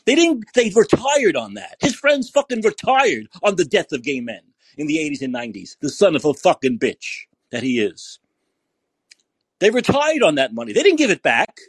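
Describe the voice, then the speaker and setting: A man hosting a podcast who rants angrily and curses, repeating himself for emphasis in a husky voice. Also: a little high, big pitch swings, normal speed, dry recording. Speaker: podcast host. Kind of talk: angry political rant.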